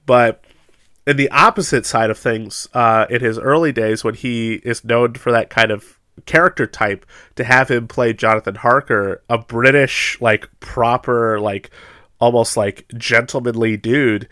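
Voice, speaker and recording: American man, chatty film talk, laughs a lot, mid pitch, dry mic. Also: unhurried, no echo. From United States. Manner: animated, laughing often, acting out quotes in funny voices. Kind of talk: casual chat.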